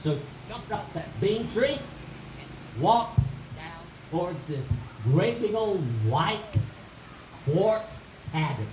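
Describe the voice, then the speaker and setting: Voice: mid-range voice, lively intonation, slow pace, roomy sound, noisy background. A storyteller telling a folk tale in a live skit, in a folksy, sing-song way with chanted refrains.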